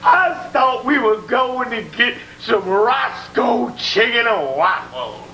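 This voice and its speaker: A man voicing a frightened grown man who clings to his boss and wails in pleading, drawn-out cries. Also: very high-pitched, expressive, roomy sound, noisy background, exaggerated voice. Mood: whining.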